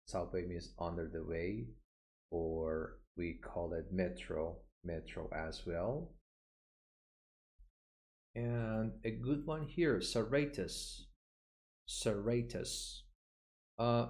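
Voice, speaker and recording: A man with a very low voice teaches medical terms in a recorded online lesson. He speaks slowly and patiently, explaining each word and saying it again so learners can copy the pronunciation. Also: a little mellow. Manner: explanatory, with frequent "uh" fillers. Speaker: English vocabulary teacher.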